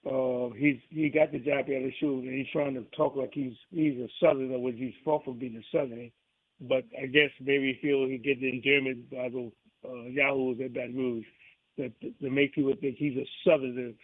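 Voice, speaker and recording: A man's voice: medium pitch, little pitch movement, moderate pace, slightly rough, no echo. A man from New Orleans with a New Orleans accent, calling into a radio show and talking in a rambling, folksy way with many restarts. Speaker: caller. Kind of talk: call-in radio chat. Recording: tinny phone line.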